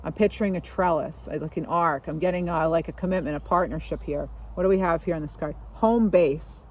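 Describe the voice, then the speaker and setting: A woman giving a casual tarot reading, musing aloud in a relaxed way and often pausing on fillers as she takes in impressions. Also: sits low. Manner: musing, intuitive, many fillers and asides. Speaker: tarot reader. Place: outdoors.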